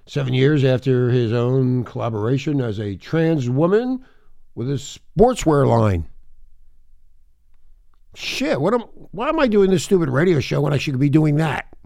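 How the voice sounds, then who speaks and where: A man's voice: medium pitch, animated, measured pace, creaky, darkish tone, dry recording, studio quality. A man hosting a shock talk radio show, ranting in a crude, rambling, mocking way with lots of swearing.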